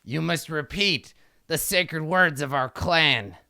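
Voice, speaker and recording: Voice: mid-range voice, lively intonation, sharp tone, dry recording, pitched above the performer's own voice, exaggerated voice. A game master voicing a pompous, boastful male kobold king who rules a small tribe. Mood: grandiose. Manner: grandiose, drawn-out proclamations.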